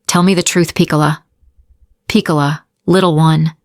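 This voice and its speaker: A woman reads a brooding, dangerous older man who gives curt orders and never asks twice. The voice sits low and close, with no room around it, as in a storybook audio drama. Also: normal speed, no echo, close to an everyday voice. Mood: quiet, possessive. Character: brooding dangerous male crime boss, middle-aged.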